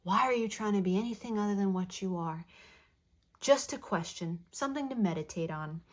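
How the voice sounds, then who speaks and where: A woman gives a tarot reading in a soft, affectionate tone, speaking straight to the listener. She is playful and warm in her wording and says her affirmations twice over. Her voice sits at an ordinary middle pitch. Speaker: tarot card reader. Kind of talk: spoken tarot reading to viewers.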